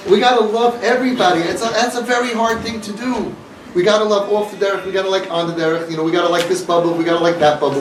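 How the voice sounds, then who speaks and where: A high-voiced man speaking for a community organization delivers an impassioned talk to a live audience, mixing in Yiddish and Hebrew words. The mic picks him up from a distance in an echoey room, and the background is noisy.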